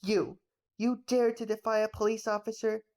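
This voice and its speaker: A woman's voice: a little high, flat delivery, normal speed, a little mellow, natural voice. A woman voicing a harsh, bullying wartime policeman who barks threats, in a bedtime-story audiobook reading. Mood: menacing. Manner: threatening, barking.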